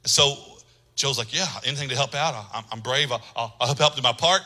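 A man preaching a sermon, moving from quiet storytelling to loud, shouted preaching. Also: medium pitch, quick pace, poor audio. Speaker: pastor.

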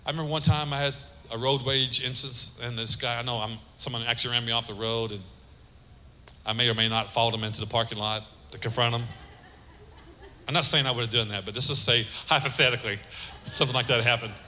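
A middle-aged man preaching a sermon as pastor, animated, swinging between loud emphasis and soft, low asides. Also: quick pace, slight background noise. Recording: echoey hall with long reverb.

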